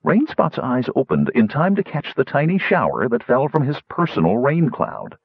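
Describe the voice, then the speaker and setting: A man narrating a fantasy story in an expressive reading voice. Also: medium pitch, normal speed, vocal fry, slightly rough, dry recording. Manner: expressive, voicing many characters. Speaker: audiobook narrator. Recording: dull lo-fi audiobook recording.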